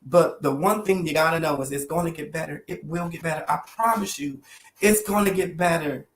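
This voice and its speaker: A man's voice: on the high side, a little fast, reverberant, a little hiss or hum. A man, talking to camera about his own life in an emotional, preacherly way and calling his viewers y'all. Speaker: vlogger sharing his life story. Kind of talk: heartfelt personal vlog to camera.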